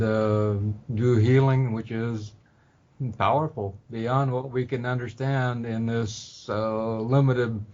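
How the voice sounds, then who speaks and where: A man, a spiritual teacher, speaking as a guest in an interview, unhurried and full of ums and uhs. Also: medium pitch. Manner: unhurried, many ums and uhs, soft laughs. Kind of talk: relaxed interview talk. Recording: dull lo-fi audio.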